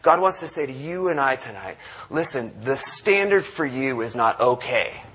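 A man's voice: mid-range voice, expressive, moderate pace, fairly bright tone, breathy edge. A man preaching a conversational sermon, acting out quotes and restarting often. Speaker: pastor.

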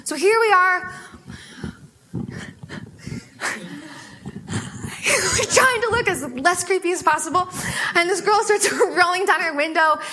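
A young American woman giving a testimony sermon at a student fellowship, telling stories in an animated way with lots of filler words. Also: very high voice, takes it slowly, pauses often, noisy background. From United States. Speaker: guest speaker at a student fellowship.

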